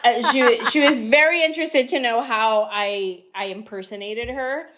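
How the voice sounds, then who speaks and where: Animated woman comedian telling stories. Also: on the high side. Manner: animated storyteller, slips into quick impressions. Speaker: comedian guest. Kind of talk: storytelling podcast interview.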